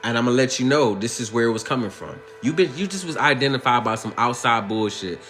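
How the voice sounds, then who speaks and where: A man giving a coaxing, profane spiritual pep talk to his other self in a comedic sketch, drawing out his key lines slowly. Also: medium pitch, animated, fairly bright tone, soft background music. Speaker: motivational speaker.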